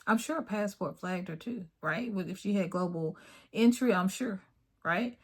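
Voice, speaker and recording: A woman's voice: medium pitch, normal speed, slightly rough. Middle-aged woman chatting to her viewers, says y'all a lot, keeps repeating herself to hammer a point home. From United States. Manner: emphatic, repetitive, addresses viewers as y'all. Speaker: video host. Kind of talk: casual talk to camera.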